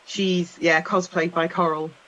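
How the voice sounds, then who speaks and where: A woman's voice: lowish voice, level tone, a little slow, fairly bright tone, muffled recording. A woman guest in a casual chat, telling self-mocking anecdotes. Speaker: guest cosplayer.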